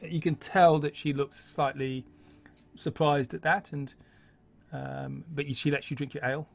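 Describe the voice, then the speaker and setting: A man's voice: fairly high pitch, steady tone, a little slow, gravelly. A man narrating a tabletop game as game master, in a loose, rambling way that corrects itself as it goes.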